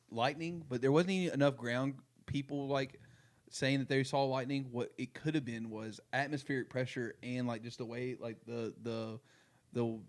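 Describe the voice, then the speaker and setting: Brief: young male podcast host of middle pitch, talking loosely and rambling through casual chat. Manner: rambling, lots of fillers and restarts.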